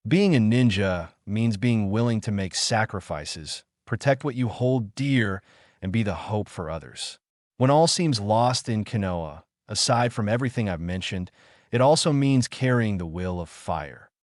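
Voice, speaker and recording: A man reading a fan fiction story aloud as narrator in a steady storytelling manner. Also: lowish voice, dry recording, studio quality.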